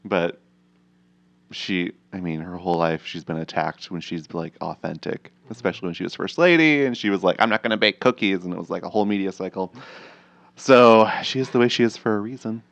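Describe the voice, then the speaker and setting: A man's voice: deep voice, fairly quick, vocal fry, no room sound. A man chatting casually as a podcast co-host, easygoing and telling a story with many fillers. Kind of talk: casual chat.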